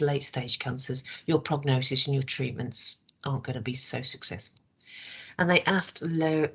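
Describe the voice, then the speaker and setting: Hoarse woman leading a training session. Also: low-pitched. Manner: conversational, asks rhetorical checks. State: hoarse, voice worn. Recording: dull lo-fi recording.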